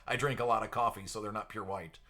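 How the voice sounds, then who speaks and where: Brief: male stream host, bright projected voice, casual chat, studio mic. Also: fairly low pitch, steady tone, fairly quick. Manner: projected radio-style delivery, chatty. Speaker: live stream card breaker host. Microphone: entry-level studio microphone.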